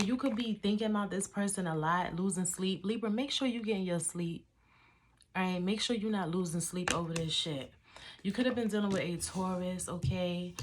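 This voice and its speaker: A woman's voice: on the low side, background noise. A woman giving a casual tarot reading, slangy and profane, calling the listener baby and drawing out sign names. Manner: drawn-out, chanting sign names. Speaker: tarot reader.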